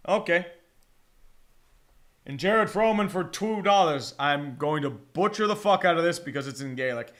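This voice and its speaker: Guy with a high voice doing fan play by play on a stream, swears a lot, gets hyped. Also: normal speed. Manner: excitable, profane, chatting with viewers. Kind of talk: live watch-along commentary.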